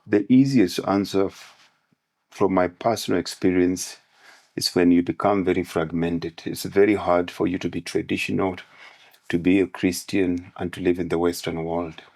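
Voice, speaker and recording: A man's voice: deep voice, darkish tone. A man as a podcast guest on manhood, speaking in parables and analogies. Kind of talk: podcast conversation with storytelling.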